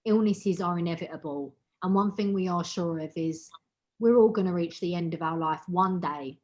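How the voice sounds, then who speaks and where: A woman's voice: lowish voice, moderate pace, a little mellow. A woman hosting an online wellbeing meeting, giving a heartfelt, emotional motivational talk over a video call and repeating words for emphasis.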